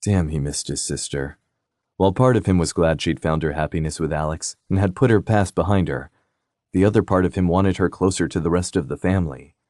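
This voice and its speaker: A man narrating a romantic suspense audiobook in a steady, even reading. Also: low-pitched, brisk, no room sound, studio quality. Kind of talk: scripted narration.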